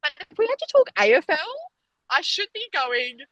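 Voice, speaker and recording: A chatty young woman with an Australian accent, talking in a fairly high voice. She speaks in fast bursts and laughs easily. The sound is close and dry. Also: sing-song, fairly bright tone, dry recording, dull audio. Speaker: Olympic sprinter, guest. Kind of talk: casual interview chat.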